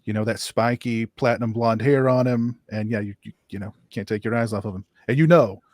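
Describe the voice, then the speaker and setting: A man's voice: lowish voice, fairly quick, a little mellow, dry recording, studio quality. A young man chatting as a podcast guest, rambling with many restarts. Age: young adult. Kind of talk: casual chat.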